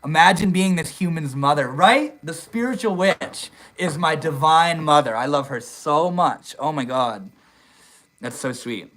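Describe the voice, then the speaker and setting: A young man hosting a casual live stream, reading viewer comments aloud in a relaxed, swear-heavy way. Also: a little high, unhurried, a little hiss or hum, poor audio. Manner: laid-back, swears casually, says dude and bro a lot. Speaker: livestream host. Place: outdoors in the desert.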